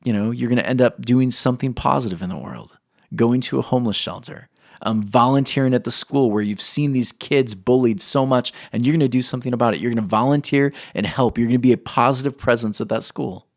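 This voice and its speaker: A man's voice: medium pitch, a little fast, no echo, clean studio sound. Earnest man preaching a sermon. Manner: earnest, asks the listeners questions. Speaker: pastor.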